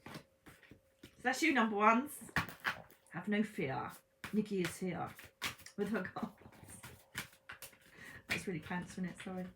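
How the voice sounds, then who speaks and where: A woman's voice: mid-range voice, animated, slow pace, pauses often, noisy background. A woman giving a chatty tarot reading to camera from her bed, bubbly and full of exclamations. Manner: bubbly, exclamatory, talks straight to viewers. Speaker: psychic tarot reader. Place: at home in bed.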